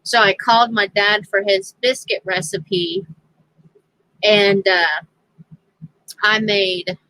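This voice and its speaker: A woman's voice: mid-range voice, fairly even intonation, slow pace, bright, forceful tone, dry recording, low-quality recording. A woman telling a casual story on her crafting channel, chatty and laughing often as she quotes others.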